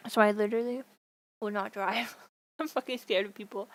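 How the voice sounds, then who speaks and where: A woman's voice: mid-range voice, steady tone, moderate pace, long pauses. A young woman livestreaming, chatting casually to her viewers in a playful, goofy way with frequent laughter. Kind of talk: casual stream chat.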